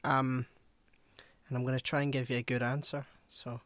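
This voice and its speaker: A man chatting casually with friends, playful and quick to agree. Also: mid-range voice, flat delivery, fairly bright tone, no echo. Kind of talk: casual group chat.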